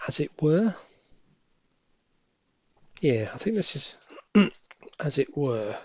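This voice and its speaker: A man thinking aloud as he works through cryptic crossword clues, musing and correcting himself, with quiet half-muttered asides. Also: on the high side, big pitch swings, takes it slowly, no echo. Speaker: crossword solving tutor.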